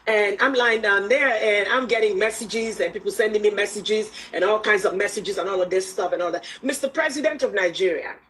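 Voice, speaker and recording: A woman's voice: medium pitch, a little fast, hardly any pauses, a bit bright. A middle-aged woman hosting a casual livestream, laughing often and exclaiming emphatically between remarks. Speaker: livestream host.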